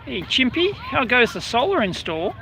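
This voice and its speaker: A man's voice: very high-pitched, very animated, moderate pace, gravelly, bright, forceful tone, slight background noise. An Australian man hosting a casual outdoor live stream, chatting and greeting viewers by name in a rambling way. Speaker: livestream host.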